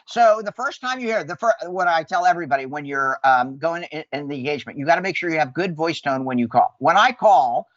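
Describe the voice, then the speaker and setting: A man coaching on sales calls with high energy, acting out phone greetings in quoted voices. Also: lively intonation, brisk, hardly any pauses, a bit bright, no echo. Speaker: sales guest. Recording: dull lo-fi sound.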